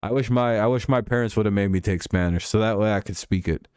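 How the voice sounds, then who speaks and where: A man's voice: lowish voice, fast, darkish tone, clear, resonant tone, no echo, studio quality. A man hosting a casual football talk live stream, loose and joking, swearing freely as he signs off.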